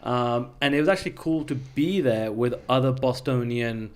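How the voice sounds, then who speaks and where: A man's voice: medium pitch, moderate pace, a little mellow. A man from England joining a casual panel chat, rambling and poking fun at himself. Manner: self-deprecating, rambling. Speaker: panel guest.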